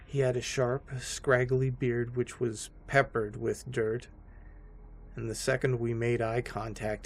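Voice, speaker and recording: A man reads a first-person horror tale in a hushed, somber delivery. His voice is rough and gravelly with a lot of fry, and he takes his time, drawing the pace out slowly over faint background noise. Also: mid-range voice. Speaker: horror story narrator. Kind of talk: scripted horror narration.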